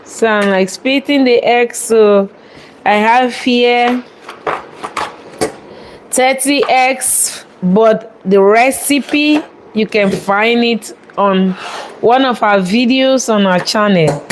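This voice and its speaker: A woman chef hosting a live cooking demonstration from a restaurant kitchen, chatty and quick to laugh as she talks viewers through each step. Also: a little high, slight background noise. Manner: chatty, laughs often, warmly thanks viewers.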